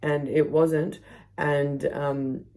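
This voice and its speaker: Low-pitched woman host, loose profane storyteller who laughs through her tales. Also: level tone, very slow, dark tone. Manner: swears freely, laughs often, many fillers. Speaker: podcast host. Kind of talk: casual storytelling monologue. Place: backyard.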